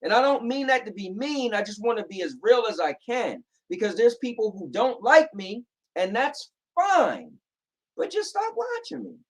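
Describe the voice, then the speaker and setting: A man's voice: high voice, very animated, normal speed, few pauses, rough recording. A man from New Jersey with a New Jersey accent, hosting a casual chat show from home, talking bluntly and sarcastically. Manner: blunt, sarcastic, repeats "right?". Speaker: show host.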